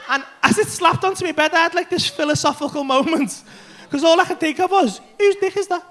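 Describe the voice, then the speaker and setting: A brash, sweary stand-up man in his thirties, working a club stage. His voice sits very high and bright, with a sharp, forceful edge. He throws in sudden shouts as the story builds. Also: fairly quick, a faint crowd, a little hiss or hum. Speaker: stand-up comedian. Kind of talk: stand-up comedy set.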